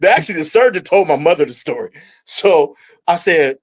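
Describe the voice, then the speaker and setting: A man's voice: normal speed, rough recording. A middle-aged man, a podcast guest, telling a personal story in casual conversation, and his voice jumps up when he acts out what he said at the time. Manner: animated storyteller, voices his past self rising in pitch.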